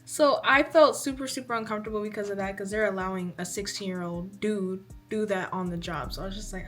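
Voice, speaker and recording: A woman in her twenties chatting casually to camera, telling a story and acting out her own reactions with lively emphasis. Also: medium pitch, a little fast, hardly any pauses, soft background music. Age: 20s. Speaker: vlogger.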